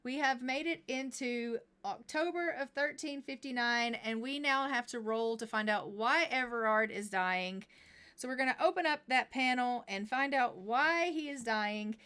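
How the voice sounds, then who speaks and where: Brief: chatty woman gameplay streamer, bright voice, a bit high. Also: moderate pace, clean tone. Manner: chatty, narrates what her characters say. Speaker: game streamer. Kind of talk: live gameplay commentary.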